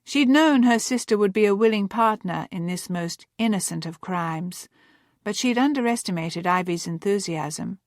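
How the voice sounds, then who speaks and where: A woman narrating a romance novel as an audiobook, calm and measured. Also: mid-range voice, no echo, studio quality. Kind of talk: scripted narration.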